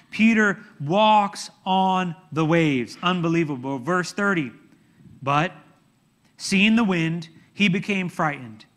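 Bright-voiced, animated male pastor preaching. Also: high-pitched. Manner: dramatic, animated storytelling with sudden shouts and hushed asides. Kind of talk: sermon.

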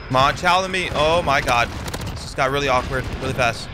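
A young man giving excitable live commentary over his own gameplay, yelping and swearing as the fights heat up. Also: medium pitch, a little fast, noisy background. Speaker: gaming YouTuber. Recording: game gunfire loud under the voice.

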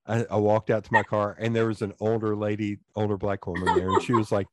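A man with a Southern East Tennessee accent, hosting a podcast and telling animated stories in casual chat, swearing freely. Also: fairly low pitch, fast, very noisy. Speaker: podcast host.

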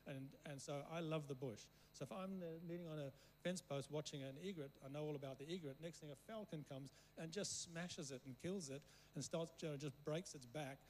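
A man's voice: a little high, fairly quick, few pauses, darkish tone, slight background noise, poor audio. A man who grew up in Africa and learned English as a second language, preaching as a guest speaker through long rambling stories, often checking in with the listeners. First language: not English. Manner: rambling anecdotes, keeps checking in with the room. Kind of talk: storytelling sermon.

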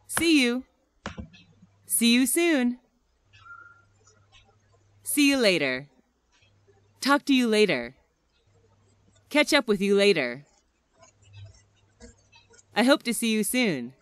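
A woman slowly reading everyday English phrases one at a time for learners, with a deliberate teaching delivery. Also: on the high side, sing-song, a bit bright, clean tone.

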